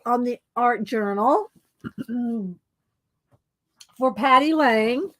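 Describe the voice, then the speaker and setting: Chatty high-voiced woman streamer. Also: extremely slow. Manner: chatty, laughs often, drawls greetings to viewers. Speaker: live-stream art host. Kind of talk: casual live-stream chat greeting viewers.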